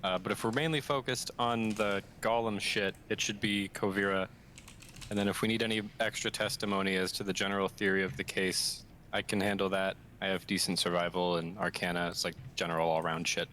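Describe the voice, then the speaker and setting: A man's voice: sits low, fairly even intonation, fairly quick, sharp tone, slight background noise. A man playing a tabletop game, laying out the group's plan in casual chat. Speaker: player.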